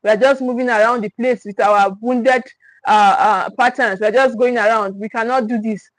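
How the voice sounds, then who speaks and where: A woman's voice: fairly high pitch, fairly even intonation, normal speed, dry recording, poor audio. A woman, a parenting coach teaching on a livestream, stressing and repeating her key points and checking in with viewers. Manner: emphatic, repeats key phrases; speaks directly to the viewers, with check-ins.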